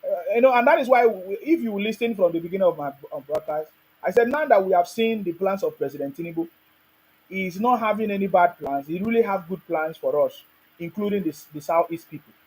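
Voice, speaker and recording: Man, Nigerian accent, political commentary host, husky voice, emphatic. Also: high-pitched, expressive, a little fast, rough recording. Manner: emphatic, rhetorical questions, mixing in Pidgin. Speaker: online show host.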